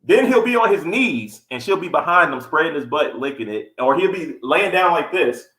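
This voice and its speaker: A man's voice: a little high, moderate pace. A man co-hosting a podcast, telling a story in casual chat and acting out the quotes with a raised voice. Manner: animated, acts out quotes in a raised voice. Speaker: podcast co-host. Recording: echoey room.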